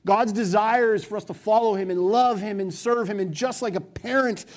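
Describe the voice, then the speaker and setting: Male pastor, church sermon, high voice, passionate, loud then hushed. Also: moderate pace.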